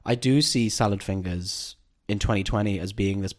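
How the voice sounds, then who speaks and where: A man's voice: fairly low pitch, normal speed. A man co-hosting a podcast, talking in casual discussion, hesitant and full of "sort of" hedges. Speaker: podcast co-host.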